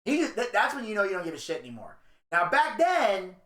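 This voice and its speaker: His voice is high and a little fast, bouncing around an echoey room. As a podcast co-host, he chats casually and tells animated stories, swearing freely and acting out what people said.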